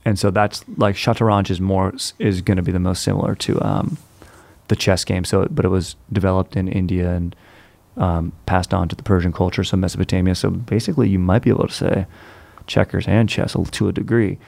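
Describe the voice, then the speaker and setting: Low gravelly laid-back young guy. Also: flat delivery, brisk, a little mellow, no room sound. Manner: laid-back, profane, says "dude" constantly. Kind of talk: casual chat.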